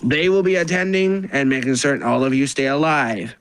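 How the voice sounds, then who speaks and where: A man's voice: medium pitch, fairly quick, clear, resonant tone, no room sound, lightly acted. A man voicing a boisterous female ritual leader giving orders in a tabletop game. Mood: commanding. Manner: boisterous and loud.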